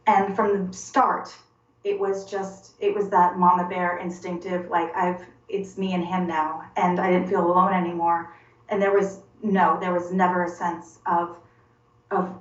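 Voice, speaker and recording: A woman in her forties giving a personal testimony in an interview, halting and earnest, often repeating words as she searches for them. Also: fairly low pitch, level tone. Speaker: interview guest. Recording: roomy, distant and dull-sounding.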